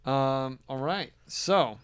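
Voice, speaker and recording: A man's voice: medium pitch, extremely slow, fairly bright tone, smooth. A man hosting a podcast in casual chat, giggly and often restarting his sentences. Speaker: podcast host.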